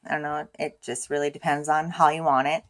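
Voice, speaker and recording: A woman's voice: sits low, flat delivery, fairly quick. A young woman telling a storytime vlog in a casual, profane, self-mocking way. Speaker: vlogger.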